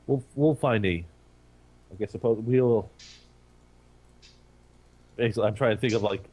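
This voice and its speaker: A man's voice: mid-range voice, slow pace, warm tone, husky. A man playing a tabletop game who often stammers and restarts his sentences. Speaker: player.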